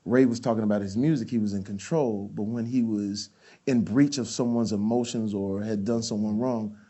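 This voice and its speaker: A man's voice: fairly low pitch, fairly even intonation, normal speed, warm tone, slightly rough. A man, a guest in a casual interview, telling stories animatedly and acting out scenes. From Texas. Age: 50s.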